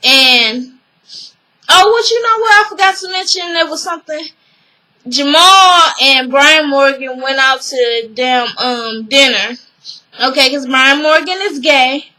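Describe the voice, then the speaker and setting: Animated woman recapping a show. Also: high-pitched, unhurried, poor audio. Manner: animated, acts out characters' lines, laughs often. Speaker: vlogger recapping a TV episode. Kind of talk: casual recap chat.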